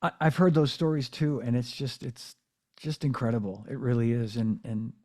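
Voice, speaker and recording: A man hosting a casual interview from his home drum room, with a mellow, darker tone. He talks in rambling, anecdotal runs, full of "you know" and restarts, at a middling pitch. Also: steady tone, normal speed. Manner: rambling storyteller, many fillers and restarts. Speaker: podcast host.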